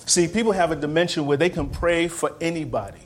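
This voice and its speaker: Man, preacher, sermon, call-and-response, repeats phrases, loud then hushed, fairly high voice. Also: quick pace.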